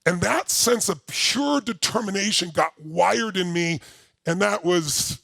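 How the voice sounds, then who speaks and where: Older male workshop speaker, animated storyteller, dry close recording. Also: high voice, measured pace, vocal fry, dry recording. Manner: energetic storytelling, shouts repeated phrases. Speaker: motivational speaker. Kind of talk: workshop talk to a live audience.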